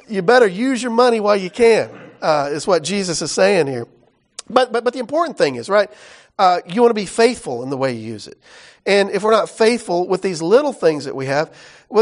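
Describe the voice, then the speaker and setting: A man with a high voice preaches in an easy, conversational way. He stays folksy and animated, breaking into exclamations and side remarks between points. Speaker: pastor. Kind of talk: conversational sermon.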